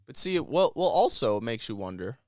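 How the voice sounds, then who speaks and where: A young man co-hosting a podcast, talking in a rambling, excitable way and swearing often. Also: mid-range voice, a little fast, dry recording, clean studio sound. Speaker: podcast co-host. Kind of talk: casual chat.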